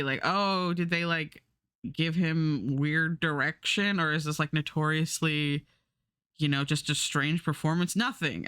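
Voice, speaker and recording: A woman's voice: sits low, fairly bright tone, clear, resonant tone, dry recording, studio quality. A woman streamer chatting casually while she draws, rambling and laughing often. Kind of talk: casual live-stream chat while drawing. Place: home streaming setup.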